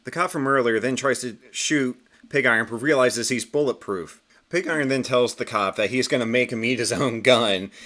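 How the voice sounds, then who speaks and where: Casual comic review host, chatty, voice swoops up and down a lot. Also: male voice, mid-range voice. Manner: chatty, self-correcting, lively intonation.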